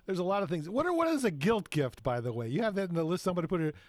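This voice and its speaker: A man's voice: sits high, sing-song, very fast, dry recording. A man hosting a TV segment, chatty and loose, asking a guest questions with frequent restarts. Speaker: TV show host. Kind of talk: TV interview, hosting.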